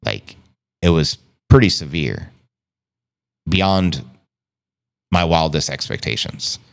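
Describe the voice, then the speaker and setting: A man's voice: rumbling low, expressive, takes it slowly, gravelly. A man hosting a casual livestream, reading viewer comments aloud in a laid-back, slangy way. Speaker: livestream host.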